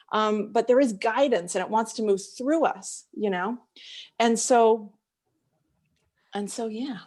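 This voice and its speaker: A woman life coach leading a live group session, talking in an animated, searching way and laughing often. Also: on the high side.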